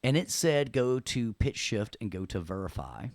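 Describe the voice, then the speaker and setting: A man teaching an audio software lesson in a casual, playful way, tossing in corny jokes between the steps. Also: lowish voice, sing-song, normal speed, no echo. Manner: playful, joking, chatty with corny puns. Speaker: audio production instructor.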